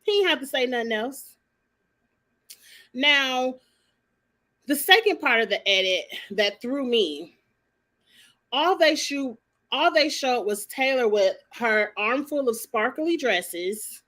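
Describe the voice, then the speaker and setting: A woman with a high, sing-song, slightly bright voice speaks slowly as a vlogger commenting on a reality show. She rants in a sassy, blunt and opinionated way, swearing freely.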